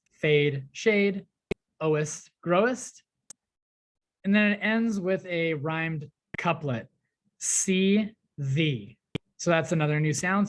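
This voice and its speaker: Teacher talking through a poem for a recorded class, lots of um and right?, mid pitch. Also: fairly bright tone. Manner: explains step by step, with fillers and checks like "right?". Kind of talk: recorded online class lesson. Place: home or classroom at a desk, working on a tablet.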